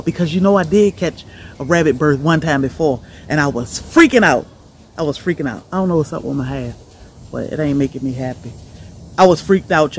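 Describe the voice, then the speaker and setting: A chatty middle-aged woman talks to her viewers outdoors beside her rabbit hutches, her delivery lively and animated. She laughs often and keeps an easy, casual tone. A faint hum of outdoor ambience sits behind her. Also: low voice. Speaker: homestead vlogger.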